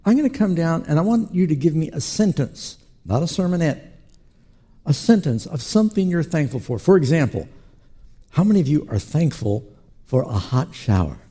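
A man preaching a sermon as pastor, telling lively stories and acting out the people he quotes. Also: fairly high pitch, normal speed, husky. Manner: animated storytelling preacher who acts out quotes.

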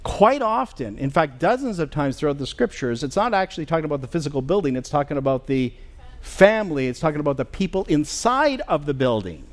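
A middle-aged man preaching a sermon as pastor in a church, earnest and halting, with many fillers and restarts. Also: on the high side, big pitch swings. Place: church sanctuary.

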